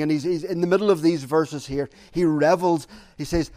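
A man preaching a sermon, earnest and deliberate, repeating key phrases for emphasis. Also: on the high side, a little mellow.

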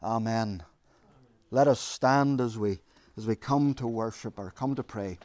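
A man's voice: fairly low pitch, unhurried, darkish tone, no echo. A man preaching and then leading an earnest, emphatic prayer for his congregation.

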